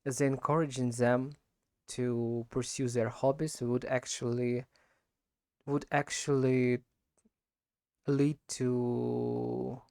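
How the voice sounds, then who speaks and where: A man who is not a native speaker of English, talking his way through practice questions, halting and correcting himself as he goes. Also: mid-range voice, flat delivery, gravelly, a little mellow, dry recording, studio quality. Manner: halting, frequent self-corrections and repeats. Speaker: language learner practicing speaking. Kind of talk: unscripted spoken practice monologue.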